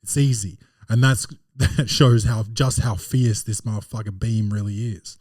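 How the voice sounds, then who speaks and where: Animated, profane male podcast host. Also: on the low side, unhurried, no echo, clean studio sound. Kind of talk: comedic film recap.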